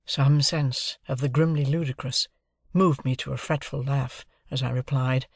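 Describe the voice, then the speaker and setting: Male audiobook narrator, measured and deliberate, husky tone. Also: medium pitch, flat delivery, no echo, clean studio sound. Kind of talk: audiobook reading of a classic novel.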